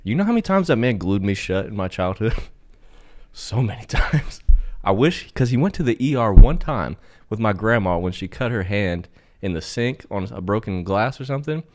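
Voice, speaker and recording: A man's voice: on the low side, moderate pace. A man co-hosting a podcast, telling a rambling, profane story in casual chat and leaning hard on "like". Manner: profane, rambling, heavy use of "like"; animated when telling stories. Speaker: podcast co-host.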